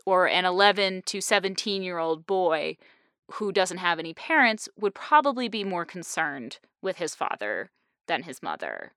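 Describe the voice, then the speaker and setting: Young woman host, lively bright delivery, dry close sound, casual chat. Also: fairly low pitch, moderate pace, no room sound. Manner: animated, laughing, with many restarts. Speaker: podcast host.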